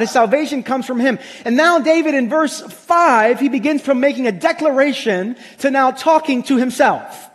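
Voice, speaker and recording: A man preaching a sermon as pastor, emphatic, slowing and dropping low when he reads scripture. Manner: emphatic, slows down and drops low for scripture lines. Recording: long reverb of a large hall.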